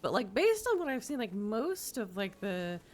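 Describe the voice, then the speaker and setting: A woman's voice: mid-range voice, big pitch swings, moderate pace. A woman streaming a game and chatting casually, playful and giggly, breaking into silly hummed tunes. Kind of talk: casual gaming stream chat.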